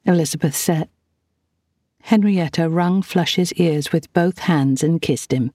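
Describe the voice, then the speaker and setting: A woman reading an audiobook in a measured, gentle narration. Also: low voice, husky, no echo, studio quality. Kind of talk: scripted narration.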